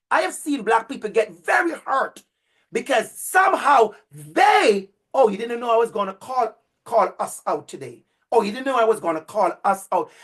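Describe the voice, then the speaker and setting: A man's voice: high-pitched, a bit bright. A man with a Jamaican accent giving a university lecture to a cohort of future teachers. He drives points home with emphatic, preacher-like repetition.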